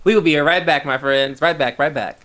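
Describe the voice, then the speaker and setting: A man's voice: a little high, moderate pace, a bit bright. Rambling jokey game master, a man. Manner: loose, rambling, jokey, fillers and restarts. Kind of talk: narrating a tabletop game.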